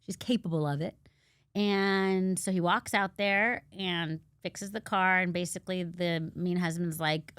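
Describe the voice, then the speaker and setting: A woman's voice: lowish voice, a little slow, smooth, no echo, studio quality. A woman co-hosting a podcast, recapping a drama in casual chat and acting out the characters' lines. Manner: animated storytelling, acting out quotes. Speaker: podcast co-host.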